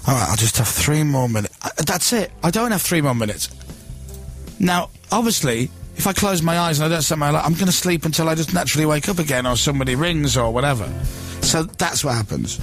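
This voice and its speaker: A man's voice: fairly high pitch, fast talker, faint music behind. A man, hosting a radio show and telling a story in casual, self-deprecating on-air chat, acting out what other people say. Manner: self-deprecating, animated storytelling with acted-out quotes.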